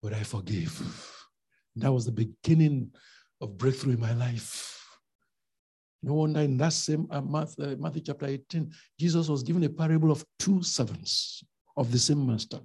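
Gravelly, husky preacher man. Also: medium pitch, moderate pace. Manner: emphatic, rhetorical questions, swings loud and soft. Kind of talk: sermon.

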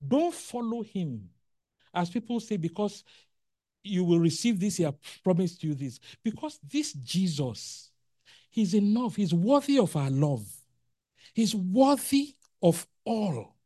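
A preacher giving a sermon in an animated way, acting out quotes and asking the congregation questions. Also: mid-range voice, unhurried, dry recording, clean studio sound.

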